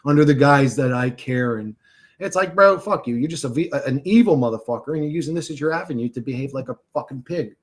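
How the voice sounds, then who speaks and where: A man's voice: mid-range voice, fast. Brief: male streamer, heated profane rant, reacting to chat. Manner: agitated, profane, talks back to chat comments. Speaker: livestream host reading chat. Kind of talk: casual livestream rant.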